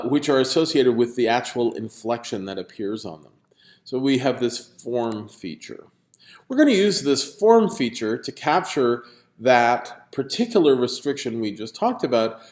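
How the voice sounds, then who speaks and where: A man's voice: mid-range voice, reverberant. A man giving a recorded video lecture, explaining step by step and stressing key terms, with frequent fillers and restarts. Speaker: linguistics lecturer.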